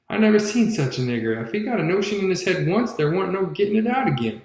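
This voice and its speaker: A man's voice: high voice, sing-song, fast, few pauses, darkish tone. Man reading a novel, echoey room. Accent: Southern US. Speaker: audiobook reader. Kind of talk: narrating a novel in dialect.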